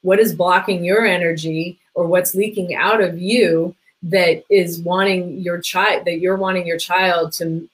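A woman's voice: lowish voice, fairly even intonation, a little slow, hardly any pauses, poor audio. Chatty middle-aged woman full of "like". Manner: chatty, many "like" fillers, acts out quoted voices. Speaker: podcast guest, parenting coach. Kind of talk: casual conversation.

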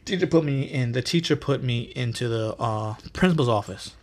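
A man hosting a podcast, telling stories in a casual, animated and profane way full of slang. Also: medium pitch, moderate pace. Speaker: podcast host. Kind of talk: casual storytelling.

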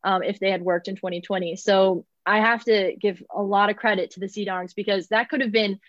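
A woman's voice: mid-range voice, fairly even intonation, brisk, no echo, highs cut off. A young woman who calls minor league baseball games, answering interview questions in a chatty way with lots of fillers. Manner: chatty, many fillers, laughs often.

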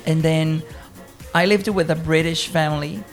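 A woman teacher tells travel stories in casual chat, animated and laughing often. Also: sits low, moderate pace, faint music behind. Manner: lively storyteller, laughs often.

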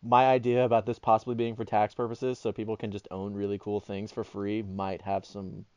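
A man's voice: lowish voice, flat delivery, brisk, darkish tone, clean tone, no room sound, lo-fi sound. A man co-hosting a casual film discussion, making wry, jokey remarks. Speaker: podcast co-host.

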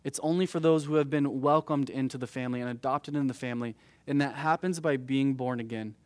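A man's voice: mid-range voice, fast, no echo. A man in his thirties teaching a youth group verse by verse through a Bible passage, conversational and peppered with "right?" asides. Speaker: youth pastor.

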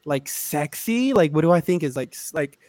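A man's voice: fairly high pitch, lively intonation, moderate pace, a little mellow, no echo, studio quality. A man co-hosting a podcast in casual chat, rambling and effusive, swearing often. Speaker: podcast co-host.

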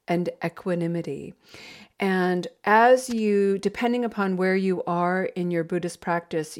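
A woman leads a guided meditation for a recovery group. She speaks slowly and gently, with long reflective pauses, in a fairly low voice. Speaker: meditation facilitator.

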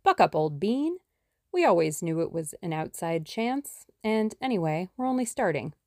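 A woman's voice: lowish voice, very animated, moderate pace, a little mellow, dry recording, studio quality. A woman voicing a confident, jaunty young man in an audiobook, breezy and teasing. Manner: breezy, self-assured and teasing. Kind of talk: audiobook character reading.

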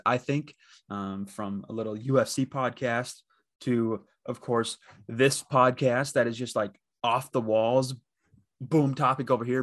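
A man's voice: medium pitch, fairly bright tone. A man from the Dakotas hosting a sports betting podcast alone, talking casually and rambling with lots of fillers and restarts. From Midwest, the Dakotas. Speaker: podcast host.

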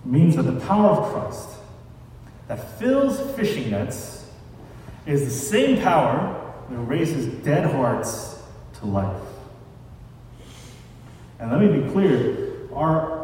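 A man's voice: fairly high pitch, sing-song, slow, long pauses, a little mellow, a little hiss or hum. A man preaching a sermon in a conversational way, mixing scripture reading with casual asides. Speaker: pastor. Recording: echoey hall, distant mic.

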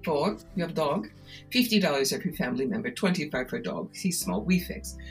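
A scheming fake fortune-teller, put on by a woman telling a story, grabbing at passers-by with a wheedling hard sell. She speaks broken English in a thick put-on foreign accent. The voice sits low and drops quieter than the storyteller's own. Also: expressive, fairly quick, soft background music.

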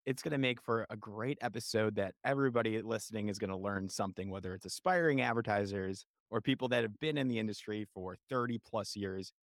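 A man's voice: lowish voice, brisk, hardly any pauses, no echo, clean studio sound. A man with a Chicago accent hosting a podcast interview, talking with energy and enthusiasm. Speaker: podcast host.

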